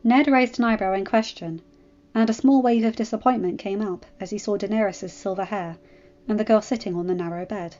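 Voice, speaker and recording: A woman reading fan fiction aloud in a steady, even narration. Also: mid-range voice, brisk, dull audio.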